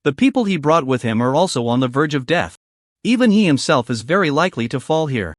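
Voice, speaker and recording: A man's voice: a little high, very animated, brisk, dry recording. Dry-voiced male recap narrator.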